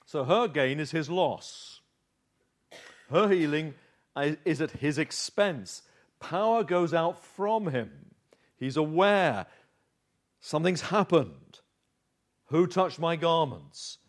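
A man's voice: fairly high pitch, expressive, slow pace, pauses often. A man preaching a sermon through a Bible passage, telling it as a vivid story with rhetorical questions. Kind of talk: expository sermon.

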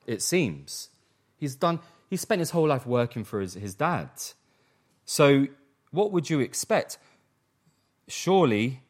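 A man preaching a sermon, reading scripture aloud and dramatically acting out the lines he quotes. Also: fairly high pitch. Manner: dramatic, acts out the quotes he reads.

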